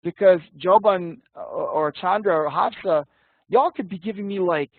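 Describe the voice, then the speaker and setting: Casting: casual, blunt male instructor, slightly high voice, thin phone-like call audio. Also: normal speed, dry recording. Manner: casual, blunt, swears, quizzes students. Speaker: interview prep instructor. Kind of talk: online class teaching. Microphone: video call. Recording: tinny dry call audio.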